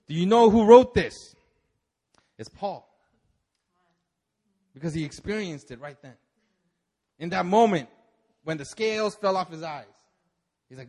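A man preaching a sermon at a church service, telling the story with animated energy and acting out the figures in it. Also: fairly high pitch, normal speed, long pauses.

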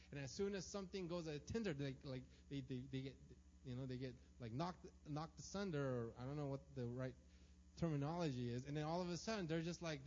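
A man's voice: a little high, a little mellow. Man preaching in an echoey hall. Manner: storytelling, conversational, keeps asking "right?". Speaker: pastor. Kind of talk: sermon. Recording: long hall reverb, dull lo-fi sound, faint hum.

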